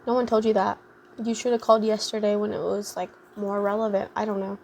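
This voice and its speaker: A young woman vlogger chats through a story in a loose, rambling way, with lots of fillers. Her voice has a gravelly fry at an ordinary pitch. Faint background noise sits under her talk. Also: level tone, brisk, darkish tone. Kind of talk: casual storytime chat.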